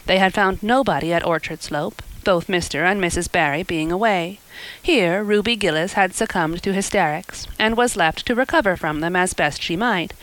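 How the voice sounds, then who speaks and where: A woman reads a classic novel aloud as an audiobook narrator. Her delivery is measured and expressive, and her voice sits at an ordinary middle pitch. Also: poor audio. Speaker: audiobook reader. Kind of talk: scripted narration.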